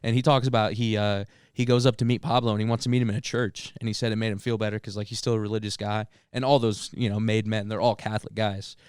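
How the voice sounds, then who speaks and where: A young man, a podcast co-host, telling a story in casual chat among friends, animated, with filler words and swearing. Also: fairly low pitch, quick pace, hardly any pauses, smooth, no echo, studio quality.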